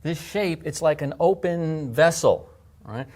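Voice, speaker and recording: A man's voice: fairly high pitch, expressive, a little slow, darkish tone. Patient man teaching letter shapes. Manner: patient, step-by-step, demonstrates sounds. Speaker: language teacher. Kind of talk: explaining pronunciation and handwriting.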